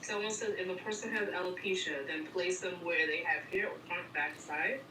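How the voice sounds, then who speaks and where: Woman helper, lower voice, distant and echoey, noisy room. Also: moderate pace, sharp tone. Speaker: helper reading viewer comments. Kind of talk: casual chat. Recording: roomy, distant off-mic with noise.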